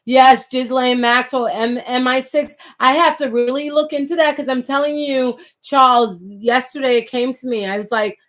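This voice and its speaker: A woman's voice: high-pitched, fairly even intonation, moderate pace, hardly any pauses. Impassioned woman hosting a livestream. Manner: impassioned, reads viewer comments aloud. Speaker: livestream host. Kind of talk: casual livestream talk.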